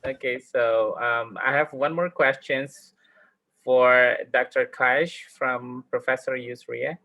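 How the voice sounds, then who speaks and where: A man's voice: mid-range voice, fairly even intonation, slow, sharp tone, poor audio. A man moderating an online webinar, passing on questions with many hesitant fillers.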